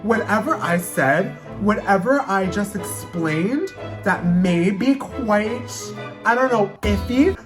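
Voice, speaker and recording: A woman's voice: medium pitch, lively intonation, slow, over music. A young adult woman vlogging in a brash, profane and theatrical way as she explains her slang in casual talk.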